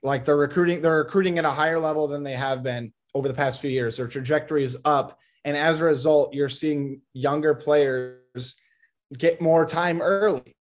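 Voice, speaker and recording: A man's voice: a little high, steady tone, normal speed. A man co-hosting a casual sports talk show, giving opinionated takes on college football recruiting and teasing his co-host.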